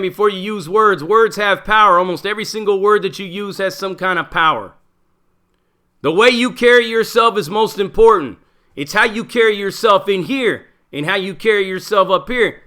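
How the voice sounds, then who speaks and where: A middle-aged man talks straight to the listener, blunt and profane, with plenty of street slang. His voice sits high with a bright, forceful edge. He tells his stories casually, like a host speaking to his regular audience. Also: clean tone. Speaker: channel host, former prisoner telling stories. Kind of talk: casual storytelling monologue.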